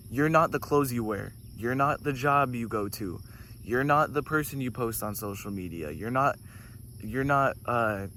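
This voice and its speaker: A man talking in a casual, preachy spiritual monologue, getting excited and swearing casually as he goes off on tangents. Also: medium pitch, slight background noise. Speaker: host.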